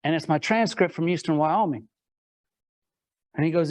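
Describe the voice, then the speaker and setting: Earnest man telling his story, high voice. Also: normal speed, long pauses, no room sound, studio quality. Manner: earnest, builds with repeated rhetorical questions. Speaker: motivational speaker. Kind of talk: personal story told to a live audience.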